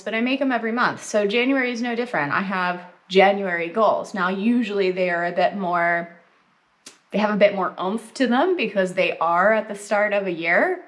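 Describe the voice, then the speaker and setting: A young adult woman chatting casually to camera as a vlogger, filler-heavy and lively, talking with her mouth full at times. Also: mid-range voice. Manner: chatty, lots of "like" and "um", eating while talking.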